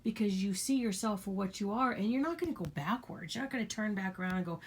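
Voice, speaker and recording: Gravelly, husky woman giving spiritual talk. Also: mid-range voice, expressive, quick pace. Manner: earnest, repetitive, blunt with swearing. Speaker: spiritual channel host. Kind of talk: casual spiritual talk to viewers.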